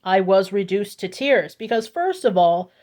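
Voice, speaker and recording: A woman telling a storytime vlog into her phone, slow, deliberate and emphatic, repeating her points for weight. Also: medium pitch, darkish tone. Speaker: vlogger.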